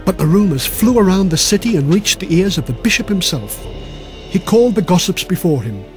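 A man's voice: sits high, big pitch swings, a little fast, soft background music. A man giving scripted narration of a children's history story in a dramatic, vivid way.

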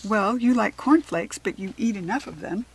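A woman voicing a patient farmer father who teases his daughter calmly. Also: mid-range voice, normal speed, slightly rough. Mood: teasing.

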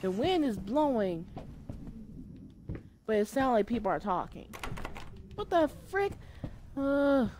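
A woman's voice: a little high, expressive, a little slow, long pauses, a little mellow, slight background noise. A young woman streaming a horror game, chatty and jumpy, talking to the game and to her viewers. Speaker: gamer streamer. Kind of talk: let's-play commentary.

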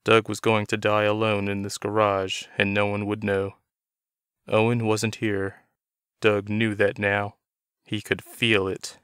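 Low, smooth male story narrator. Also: monotone, measured pace, a bit bright, no room sound, clean studio sound. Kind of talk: scripted narration of a novel.

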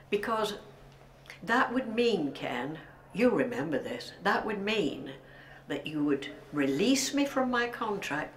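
A woman's voice: sits low, slight background noise. Older woman, emotional tribute in a roomy dressing room. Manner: emotional, often dropping to a whisper. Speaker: actress giving a recorded tribute. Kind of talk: heartfelt spoken tribute.

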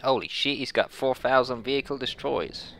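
A man's voice: medium pitch, normal speed, fairly bright tone, a little hiss or hum. A man doing a put-on Southern US redneck accent, trash-talking and joking with crude swearing while playing a game. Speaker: gamer. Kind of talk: casual gameplay banter.

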